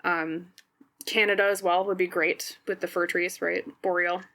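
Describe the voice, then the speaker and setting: Speaking at a moderate pace in a fairly low, level voice with a somewhat bright tone, a Minnesota-born channel host does a pick-a-card tarot reading. Her Minnesotan accent comes through as she chats and wanders, frequently tossing in "okay?" and "right?" to check on viewers.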